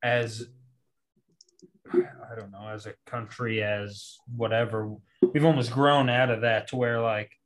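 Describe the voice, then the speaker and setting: A man from small-town Missouri chatting casually, laid-back and quick to swear. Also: mid-range voice, fairly even intonation. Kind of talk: casual chat.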